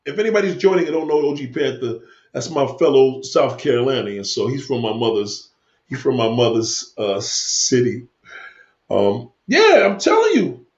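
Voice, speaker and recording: A man's voice: mid-range voice, expressive, moderate pace. A man ranting heatedly to viewers of his stream, swearing a lot as he rambles from one point to the next. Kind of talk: profane rant to stream viewers. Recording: echoey room, dull lo-fi sound.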